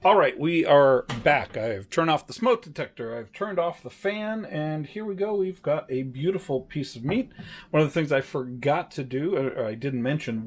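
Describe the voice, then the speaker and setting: A man's voice: medium pitch, a little mellow. A man casually narrating his home cooking, chatty and rambling, correcting himself often with plenty of fillers. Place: home kitchen.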